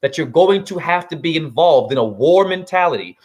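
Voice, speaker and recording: A man delivering a heated, profane spiritual monologue that swings between loud outbursts and hushed asides. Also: fairly high pitch, lively intonation, a little fast. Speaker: spiritual vlogger.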